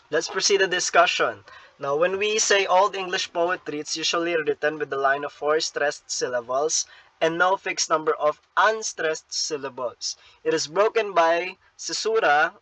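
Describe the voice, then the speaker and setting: A man's voice: a little high, normal speed, pushed and bright, low-quality recording. A man with a Filipino accent teaching an online literature class, mixing English and Tagalog and often checking in with "no?" as he repeats key points. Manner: switches between English and Tagalog, frequent tag "no?".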